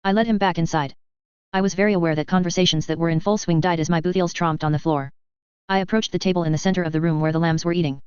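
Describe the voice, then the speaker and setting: A woman's voice: on the low side, fairly even intonation, fast talker, darkish tone, smooth, no echo. A woman narrating a first-person novel as an audiobook, reading steadily. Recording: slightly dull lo-fi.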